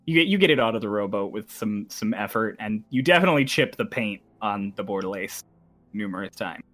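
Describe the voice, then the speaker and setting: A man's voice: fairly low pitch, expressive, brisk, a bit bright, soft background music. A man narrating a tabletop game as game master in a casual, loose way, often laughing.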